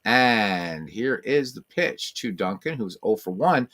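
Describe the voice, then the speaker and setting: Brief: a man with a lowish voice, calling tabletop baseball play-by-play, relaxed and casual. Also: slow. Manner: mock announcer calls, talks to his cats in a high, cooing voice. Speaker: host playing a tabletop baseball game.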